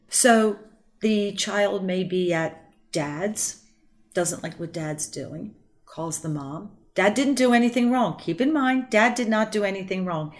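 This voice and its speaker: A middle-aged woman counselor explaining a family issue to parents, earnest and emphatic, slipping into quoted dialogue. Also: medium pitch.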